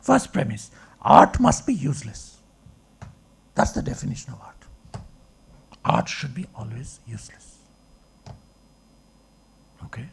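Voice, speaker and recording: A man's voice: mid-range voice, big pitch swings, slow pace, gravelly, pauses often, husky. A man, a philosophy professor, giving a discursive public lecture and checking in with the audience with rhetorical questions. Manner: discursive, asks rhetorical checks like okay and right.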